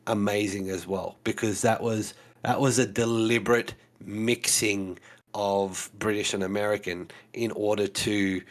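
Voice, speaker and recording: Low-voiced man chatting on a podcast. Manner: chatty, explaining, full of fillers like "you know". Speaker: co-host. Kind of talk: casual podcast chat.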